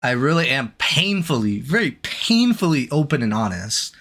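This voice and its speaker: A male streamer giving a hesitant, halting apology, full of restarts and fillers. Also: medium pitch, sing-song, fairly bright tone.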